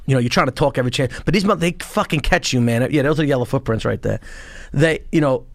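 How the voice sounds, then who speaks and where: A man in casual podcast talk, telling profane, animated stories of his past and acting out shouts along the way. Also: mid-range voice, quick pace, creaky, no room sound. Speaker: podcast guest, former Marine and police officer. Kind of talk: casual storytelling.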